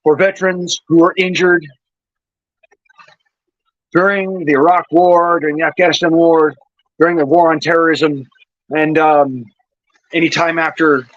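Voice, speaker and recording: A man's voice: a little high, level tone, a little slow, pauses often, no room sound. Furious, profane man on a phone. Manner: furious, profane, stammering restarts. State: had a couple of beers. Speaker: injured veteran ranting online. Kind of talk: angry vlog rant. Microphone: cell phone. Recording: lo-fi cell phone audio.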